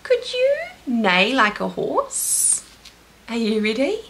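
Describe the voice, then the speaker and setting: A woman's voice: a little high, wildly swooping pitch, slow pace, a bit bright, slight background noise. A woman with a New Zealand accent teaching toddlers in a sing-song, encouraging way, with delighted gasps. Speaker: children's teacher. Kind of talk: slow, animated toddler lesson.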